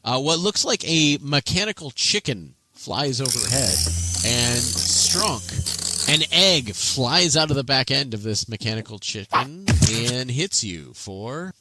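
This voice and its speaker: A man narrating a tabletop game as game master, in an animated, playful manner. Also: mid-range voice, slow pace, background noise.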